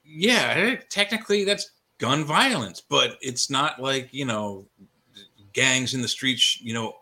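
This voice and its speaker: Male co-host and storyteller, bright and forward tone, builds to a punchline. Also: mid-range voice, lively intonation, measured pace. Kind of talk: casual talk show storytelling.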